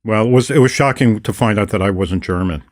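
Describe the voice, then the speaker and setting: A man's voice: on the low side, fast talker, no echo. A man co-hosting a podcast, chatting casually with short agreeing replies and dry jokes. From Irish descent. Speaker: podcast co-host. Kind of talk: casual conversation.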